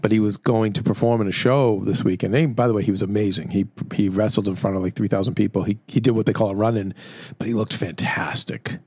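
A man's voice: on the low side, steady tone, fast, darkish tone, breathy edge, no echo. Middle-aged guy rambling and cracking jokes about himself, dry close sound. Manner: rambling, self-mocking, jokey. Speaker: podcast co-host. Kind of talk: casual chat.

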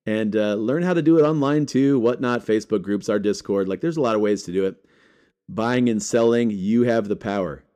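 A man vlogging about collecting sports cards, talking casually to his viewers in an energetic, joking way. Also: lowish voice, fairly quick. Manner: energetic, joking, rattles off names. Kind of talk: casual talk to camera.

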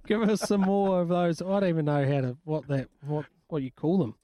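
Jokey New radio host, dry studio. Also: male voice, fairly high pitch, brisk, dark tone, dry recording. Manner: jokey, rambling, laughs often. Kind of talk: casual breakfast radio banter.

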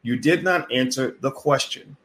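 A man's voice: medium pitch, normal speed, a bit bright. A man giving a blunt, profane opinion rant as a finance commentator, repeating himself and daring the listener to prove him wrong. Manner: repetitive, rhetorical, challenges the listener. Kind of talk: direct-to-camera opinion rant.

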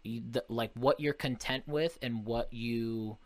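A man's voice: medium pitch, fairly even intonation, a little slow, no echo. Laid-back man with a dry sound. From Portuguese family. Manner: laid-back and profane, agreeing often. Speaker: podcast host. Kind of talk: casual chat.

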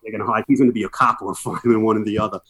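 A middle-aged man, a firefighter, telling lively anecdotes as a podcast guest and acting out the dialogue he quotes. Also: lowish voice, very fast. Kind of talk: casual storytelling chat.

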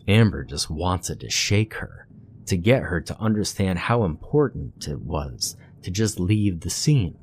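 A man reading a horror story aloud in a steady, measured narration. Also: low voice, a little hiss or hum.

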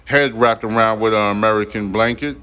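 Deep-voiced guy reading the news then cussing about it, real irritated. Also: steady tone, fairly quick, sharp tone, clean tone. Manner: profane, irritated ranting between read passages. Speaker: podcast host. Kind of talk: reading news aloud with angry commentary.

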